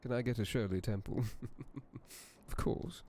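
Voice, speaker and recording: A man's voice: mid-range voice, moderate pace, dark tone, a little hiss or hum. A man hosting a horror story stream in character as a tome keeper, chatting with viewers in theatrical, old-fashioned genteel phrasing.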